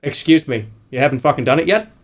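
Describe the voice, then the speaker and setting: A man's voice: medium pitch, expressive, quick pace, lightly acted. A man putting on a grumpy, entitled pet dog. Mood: indignant. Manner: indignant, put-upon.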